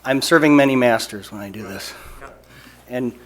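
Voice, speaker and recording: A man's voice: medium pitch, moderate pace, fairly bright tone. Conversational man defending his design. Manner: conversational, keeps saying "right". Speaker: architect speaking as public commenter. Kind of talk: public comment at meeting. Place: council meeting room.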